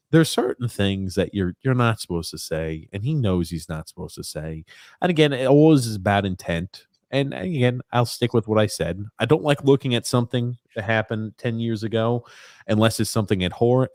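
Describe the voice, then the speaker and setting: A man's voice: mid-range voice, animated, normal speed, a little mellow, dry recording, studio quality. A young man co-hosting a casual sports podcast, reading viewer comments and riffing on them with emphatic, repeated phrases. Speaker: podcast co-host.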